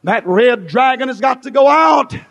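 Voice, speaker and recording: High, gravelly shouting preacher. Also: male voice, animated, moderate pace. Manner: shouting, rhythmic repetition, rising and falling in bursts. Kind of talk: fiery revival sermon. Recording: long reverberant hall.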